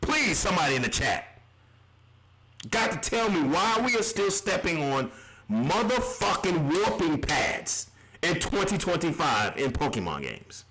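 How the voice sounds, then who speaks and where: A man's voice: fairly high pitch, big pitch swings, a little slow, pushed and bright, rough recording. A man streaming live reactions, ranting in an exasperated, heavily profane way.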